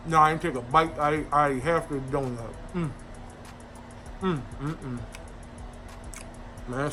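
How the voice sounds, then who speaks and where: A man's voice: fairly high pitch, pushed and bright. A man hosting a casual cooking vlog, folksy and enthusiastic, talking straight to his viewers. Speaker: cooking channel host.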